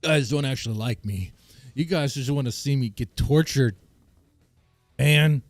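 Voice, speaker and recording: A man streaming live reacts to his viewers with bemused chatter, stammering when something surprises him. His voice is medium-pitched at normal speed, recorded dry on a close mic with faint guitar music and no echo.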